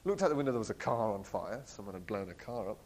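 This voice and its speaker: A man telling a personal story in an animated way. He laughs often and acts out the voices of the people he quotes. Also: lowish voice, quick pace, rough recording. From England. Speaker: speaker sharing a personal testimony. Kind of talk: storytelling talk.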